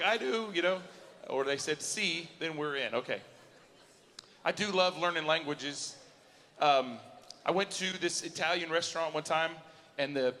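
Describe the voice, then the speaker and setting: Stand-up comic, man, bright, slightly high voice, live in a reverberant hall. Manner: animated storytelling, acting out both sides of conversations. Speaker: stand-up comedian. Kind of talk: stand-up comedy set. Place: university auditorium before a live audience.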